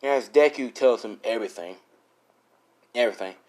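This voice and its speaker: A man's voice: mid-range voice, moderate pace, a little mellow. A young man casually improvising a fan story, rambling, swearing and correcting himself as he goes.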